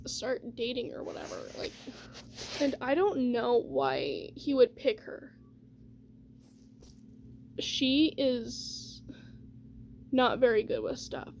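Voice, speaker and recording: A woman's voice: sits high, a little mellow, slight background noise. A young woman telling a personal story in a rambling, chatty way, full of fillers like "like" and "whatever". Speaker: vlogger. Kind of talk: casual storytime.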